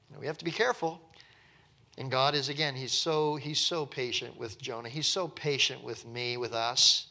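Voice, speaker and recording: A man preaching a sermon in a conversational, animated way with wry asides, at an evening church service. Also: medium pitch, moderate pace, gravelly. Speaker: pastor.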